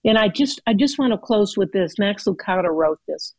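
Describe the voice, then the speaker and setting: A woman giving a reflective, earnest devotional talk in a conversational way, with pauses and fillers. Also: medium pitch, lively intonation, no room sound, low-quality recording. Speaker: speaker sharing a Christmas reflection.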